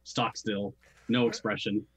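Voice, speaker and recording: A man's voice: fairly low pitch, level tone, a little slow, breathy edge. A man narrating as game master in a casual tabletop session, describing scenes loosely with fillers.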